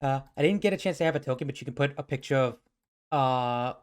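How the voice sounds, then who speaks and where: A man's voice: mid-range voice, fast. Rambling male game master. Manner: rambling, swears when flustered, laughs at own slips. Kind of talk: narrating a tabletop game.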